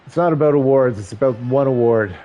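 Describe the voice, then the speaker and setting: A man's voice: mid-range voice, brisk, muffled recording, a little hiss or hum. A man streaming a football video game, giving casual play-by-play with wry, joking asides between stat rundowns.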